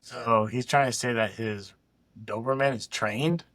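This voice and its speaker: A man's voice: medium pitch, fairly even intonation, unhurried, fairly bright tone, no echo. Blunt, heated man with dry sound. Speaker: dog trainer, co-host. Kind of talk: reaction commentary.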